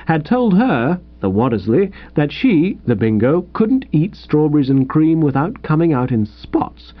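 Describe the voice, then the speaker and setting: Animated male comic storyteller. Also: mid-range voice. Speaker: audiobook narrator. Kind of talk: scripted comic narration. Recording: dull lo-fi recording.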